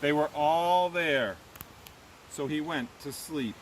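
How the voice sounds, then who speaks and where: High-voiced man reading to children. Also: takes it slowly, noisy background. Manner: animated, asks children questions. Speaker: teacher reading aloud. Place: outdoors.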